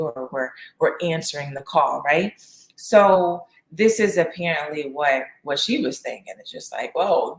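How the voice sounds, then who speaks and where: A woman's voice: deep voice, echoey room. A woman giving a conversational sermon, repeating phrases for emphasis and checking in with "right?" as she goes. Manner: casual, uses fillers like "right?" and "you know". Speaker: speaker teaching a faith lesson.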